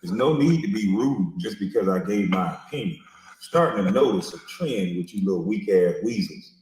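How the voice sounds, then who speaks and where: A man's voice: lowish voice, animated, moderate pace, darkish tone, heavy reverb, a little hiss or hum, low-quality recording. A man in a recorded video rant, trading insults in a mocking tone.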